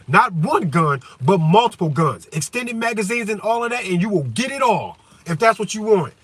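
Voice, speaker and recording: High-voiced man ranting fervently. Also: big pitch swings, normal speed, breathy edge, dry recording. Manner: fervent, swings between low musing and loud shouting; heavy hesitation fillers. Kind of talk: profane rant to viewers.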